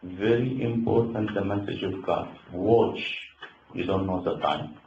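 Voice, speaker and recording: An emphatic male deacon preaches in short, simple sentences. The recording sounds roomy and muffled, with a faint hiss underneath. His pitch sits in a middle range. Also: measured pace. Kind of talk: sermon. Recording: roomy, dull lo-fi hall recording.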